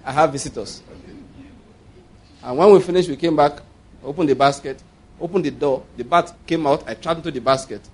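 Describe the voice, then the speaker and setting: Preaching with a Nigerian accent, this pastor mixes funny stories and frequent laughter with emphatic declarations. His voice sits on the high side with a darkish tone, and his delivery is brisk.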